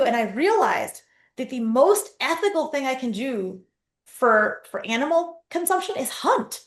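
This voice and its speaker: A woman guest telling stories in a casual interview over a video call, acting out her own quotes with lively energy. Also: sits high, normal speed. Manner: animated storyteller, acts out her own quotes. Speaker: guest, company founder. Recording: roomy echoey sound.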